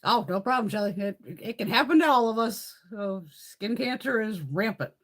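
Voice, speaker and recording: A woman's voice: fairly high pitch, moderate pace. A middle-aged woman hosting a beauty livestream, chatting casually, swearing freely and answering viewers. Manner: animated, swears freely, chats with live viewers.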